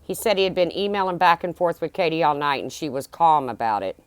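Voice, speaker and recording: A woman's voice: low voice, lively intonation, brisk, no echo. A middle-aged woman ranting bluntly and heatedly on her livestream, swearing as she talks to her viewers. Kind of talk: angry livestream rant.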